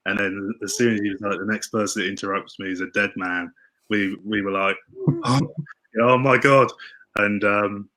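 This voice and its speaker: A man telling stories as a podcast guest, excitable and tripping over his words. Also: fairly low pitch, normal speed, poor audio. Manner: excitable, tumbling restarts. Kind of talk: casual storytelling interview.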